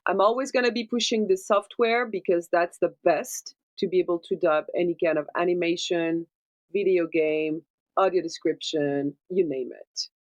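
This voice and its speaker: A woman, a dubbing producer, gives animated interview answers and keeps checking in with tag questions. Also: on the low side, normal speed. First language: French. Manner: animated explainer, tag questions like right and okay.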